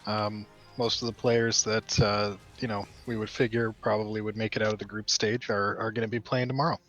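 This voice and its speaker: A man co-casting a live stream, speaking in a measured way with lots of hesitant ums. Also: lowish voice, flat delivery, a bit bright, faint music behind, low-quality recording. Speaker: co-caster.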